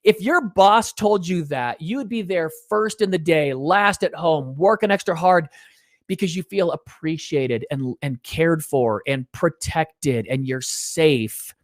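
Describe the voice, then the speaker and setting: In a conversational interview, a middle-aged male guest with a fairly high voice talks a little slowly about his parenting experiences. He's an animated storyteller who acts out the people he quotes, captured in a dry, studio-quality recording.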